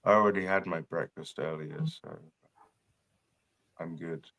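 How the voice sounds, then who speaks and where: A man opens a live stream, talking to his viewers in a relaxed, soft-spoken way. His voice sits very low and stays unhurried. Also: dry recording. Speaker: host. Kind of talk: casual live-stream chat.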